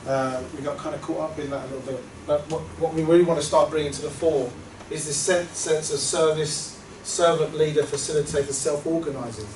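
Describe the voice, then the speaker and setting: A man giving a reflective workshop talk to a group, earnest and halting, often trailing off softly. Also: a little high, fairly even intonation. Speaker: workshop presenter. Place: meeting room. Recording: echoey room from far off, noisy.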